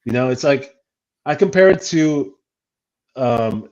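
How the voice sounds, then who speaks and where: A man's voice: medium pitch, lively intonation, takes it slowly, a little mellow. A man talking earnestly as a guest in a casual livestream chat, with many restarts. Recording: dull lo-fi audio.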